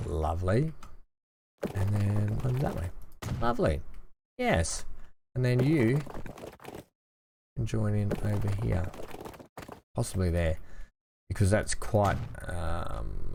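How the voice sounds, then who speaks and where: A man's voice: fairly low pitch, creaky, noisy background. A young man casually commenting on his own gameplay, thinking aloud and chatting to the game as he builds. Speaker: gaming channel host. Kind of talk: casual let's-play commentary.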